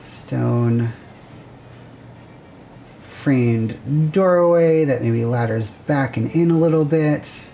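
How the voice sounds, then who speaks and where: A woman's voice: a bass voice, drawn-out words, long pauses, mellow, a little hiss or hum. A woman hosting a livestream, casually thinking aloud and chatting with viewers while she sketches a building plan. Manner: rambling, self-correcting, chatty with viewers. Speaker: livestream host.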